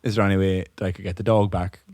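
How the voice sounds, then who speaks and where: A man's voice: low voice, flat delivery, racing, darkish tone, dry recording. A hungover man casually telling a long joke with lots of swearing, laughing at his own punchlines. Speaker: podcast co-host.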